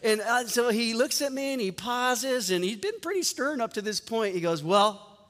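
A man's voice: very high-pitched, animated, moderate pace, a bit bright. A man preaching a sermon as a pastor, telling a story in a conversational way and acting out the dialogue. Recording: long reverb from a large hall.

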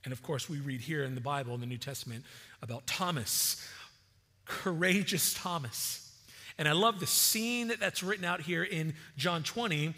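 A man delivers a sermon in a conversational, animated way, often restarting phrases with repeated words. His voice is bright and forceful and sits a little high. The sound rings with a long reverb from a large hall. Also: moderate pace. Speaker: pastor.

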